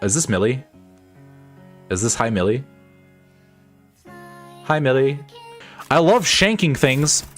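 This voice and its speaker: A man's voice: medium pitch, big pitch swings, slow, long pauses, faint music behind. A man streaming a game playthrough, joking around, laughing often and reading lines in mock-dramatic voices.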